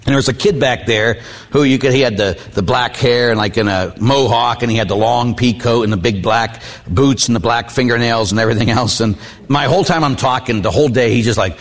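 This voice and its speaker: A middle-aged priest preaches in a loose, conversational way, tossing in quick "huh?" asides as he tells stories from his own life. His voice sits at an ordinary male pitch. It rings out with a long reverb, as in a large church or hall. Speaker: Catholic priest. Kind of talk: sermon with personal stories.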